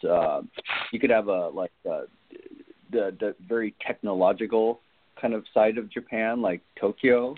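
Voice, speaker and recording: Guest, male actor, lowish voice, hesitant and halting, over a tinny phone line. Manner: hesitant, lots of ums and restarts. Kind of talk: casual phone interview.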